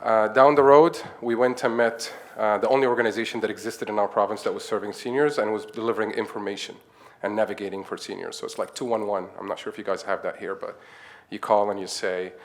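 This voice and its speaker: Low-voiced man. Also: fairly even intonation, fast talker. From Egypt. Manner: chatty, acts out quoted dialogue, chuckles often. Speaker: conference speaker, nonprofit founder. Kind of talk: conference talk, anecdotal storytelling.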